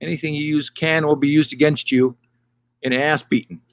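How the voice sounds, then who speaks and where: A middle-aged man delivering casual stand-up straight to a camera mic, wandering between bits and landing deadpan punchlines. His voice sits a bit high for a man and sounds dry, with no room echo. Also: moderate pace. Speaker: stand-up comedian, host. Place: hot tub.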